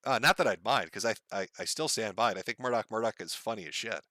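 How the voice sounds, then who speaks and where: A middle-aged man with a lowish voice talks fast in a pushed, bright tone, recorded with studio quality and no room sound. In a casual live stream he chats, reads donations, swears freely, and laughs at his own wry jokes.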